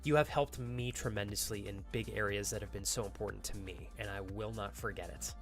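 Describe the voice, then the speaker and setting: A man's voice: lowish voice, steady tone, a little fast, soft background music. A young adult man streaming a game live, chatting casually and earnestly thanking viewers by name. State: out of breath.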